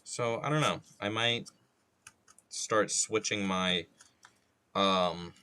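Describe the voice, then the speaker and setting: A man's voice: fairly low pitch, slow, sharp tone, clear, resonant tone. A young man chatting casually and rambling with profanity and jokey asides while he sculpts on an art livestream. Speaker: art streamer.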